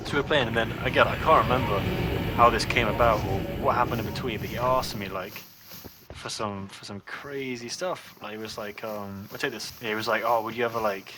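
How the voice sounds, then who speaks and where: A man's voice: lowish voice, fairly quick. Rambling young man telling a story. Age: 20s. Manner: rambling storytelling full of "like" and swearing. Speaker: storyteller in a party chat. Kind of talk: casual chat. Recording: noisy background ambience.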